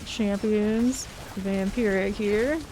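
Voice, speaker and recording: A woman's voice: medium pitch, steady tone, drawn-out words, background noise. A woman streaming a game live, thinking aloud and calling out enemies as they appear. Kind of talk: live gameplay commentary.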